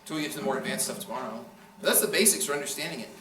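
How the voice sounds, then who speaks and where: A man's voice: mid-range voice, animated, very fast, a bit bright, slight background noise. A man giving a casual classroom lecture on debating, joking and acting out quoted speakers. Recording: echoey room from far off.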